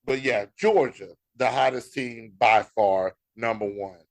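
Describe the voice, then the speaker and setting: An American man co-hosting a sports podcast, talking in a casual, animated way with laughter and mock exasperation. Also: mid-range voice, unhurried. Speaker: podcast co-host.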